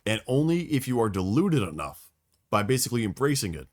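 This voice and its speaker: A man hosting a casual podcast, telling lore in a profane, animated storytelling way. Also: mid-range voice, fairly quick. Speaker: podcast host explaining lore.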